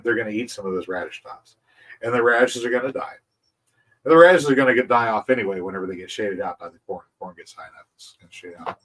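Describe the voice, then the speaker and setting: A man's voice: lowish voice, breathy edge, far from the mic, poor audio. A man hosting a farming channel, explaining his methods in a rambling casual way, repeating words and chuckling. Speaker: agroforestry channel host.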